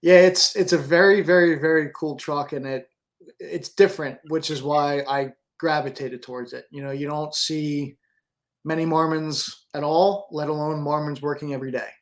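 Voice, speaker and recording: A man speaks as a studio guest with a slightly raised pitch. He is easygoing and agreeable, often answering with short replies. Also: steady tone, moderate pace. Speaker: photographer guest. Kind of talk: casual studio chat.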